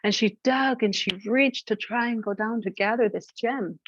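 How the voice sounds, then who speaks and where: A woman from Canada telling a traditional creation story, lively and expressive. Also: fairly high pitch, moderate pace, a little hiss or hum. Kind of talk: oral storytelling to an audience. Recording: dull, dry lo-fi recording.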